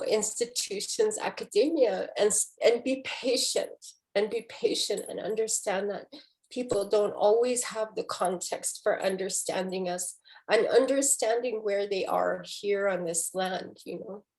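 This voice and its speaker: A woman poet in a book conversation, speaking emotionally and haltingly, with many restarts. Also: medium pitch, a little mellow. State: tearful.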